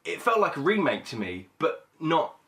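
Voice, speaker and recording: A man's voice: a little high, big pitch swings, moderate pace, a bit bright. A man hosting a casual podcast chat, rambling with many fillers and restarts. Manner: rambling, hesitant, lots of fillers. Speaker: podcast host.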